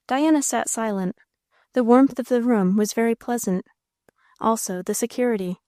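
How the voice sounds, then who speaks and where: A woman narrating a classic novel as an audiobook, in a steady, measured way. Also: a little high, no echo, studio quality.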